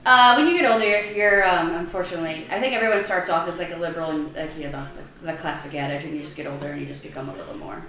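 A woman's voice: lowish voice, crowd noise. Joking woman comedian, echoey room. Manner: joking, crude, quick asides. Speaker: comedian guest. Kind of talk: casual podcast banter.

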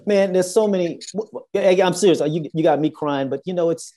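A man's voice: high-pitched, a little fast, dark tone. A man hosting a video interview, reacting with emotion and talking casually. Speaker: interview host.

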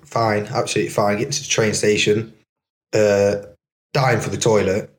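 A man's voice: fairly low pitch, level tone, normal speed. A young man telling a rambling story as a podcast guest, full of fillers. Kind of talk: casual podcast chat.

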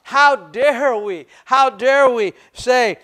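A man's voice: extremely high pitch, very slow, pushed and bright. A man preaching a sermon as pastor, fervent and emphatic, repeating phrases for stress.

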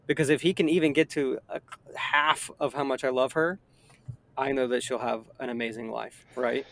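A man's voice: mid-range voice, steady tone, normal speed, creaky, a bit bright. A man in his thirties chatting earnestly in a casual conversation, rambling with frequent restarts.

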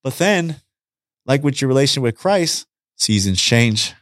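A man talking casually on a podcast, an animated storyteller who acts out conversations and repeats his points. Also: mid-range voice, measured pace, dry recording, clean studio sound. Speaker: podcast guest, street preacher. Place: podcast studio.

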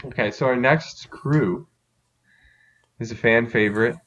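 A man's voice: medium pitch, a little slow, fairly bright tone. A man hosting a comedy podcast, steering the segments and swearing freely. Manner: profane, laughing, leads the game. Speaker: podcast host leading segments. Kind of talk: casual comedic chat.

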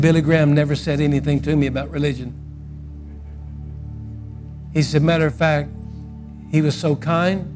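A man preaching a sermon and telling a story, swinging from loud quoted outbursts to a soft, quiet close. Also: a little high.

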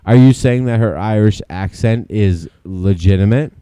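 Animated swearing podcast man, dark voice. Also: lowish voice, normal speed, dry recording. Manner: animated, swearing, acts out movie quotes. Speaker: podcast co-host. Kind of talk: casual chat.

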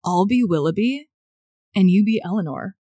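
A woman co-hosting a laid-back book podcast, swinging between reading passages and heated, animated commentary. Her voice is mid-pitched and recorded close and dry, with no room sound. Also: normal speed, dry recording. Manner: animated, indignant storytelling. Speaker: podcast co-host. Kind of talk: casual book chat and reading aloud.

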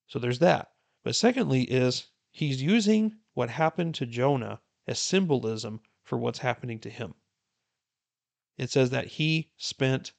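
A man hosting a Bible reading plan, reading scripture passages aloud in an earnest, unhurried way and then explaining them in casual commentary. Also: medium pitch, creaky.

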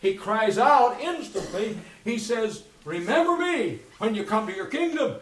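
A man preaching a sermon as pastor, fervent, swinging from loud declarations to hushed asides, and reading passages aloud. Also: sits high, lively intonation, measured pace. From England. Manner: reads passages aloud from books.

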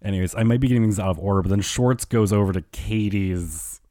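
A man hosting a solo podcast, chatting in a gossipy, profane way full of "like" and quick mimicry of the people he talks about. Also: lowish voice, warm tone, no echo, studio quality. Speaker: podcast host. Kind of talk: casual solo podcast recap.

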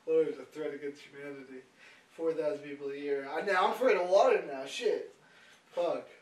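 A young man chats casually as a podcast host, telling stories with lively energy and frequent swearing. His voice sits slightly high and comes from a little way off the mic, in an echoing room. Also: brisk. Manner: animated storytelling, swears freely. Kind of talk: casual chat. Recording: roomy, distant mic.

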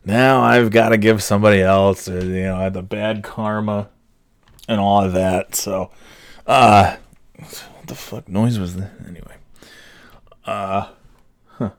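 Low-voiced, sardonic podcast host. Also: male voice, steady tone, measured pace, pauses often, no room sound. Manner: profane, sardonic, rambling with many fillers. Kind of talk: casual rambling monologue. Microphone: headphones on, podcast microphone.

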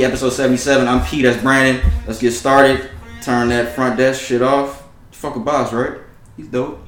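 A man's voice: mid-range voice, roomy sound, slight background noise. A man in his twenties hosting a podcast, talking in loose, profane, joking banter. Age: 20s. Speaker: podcast host. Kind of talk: casual podcast chat.

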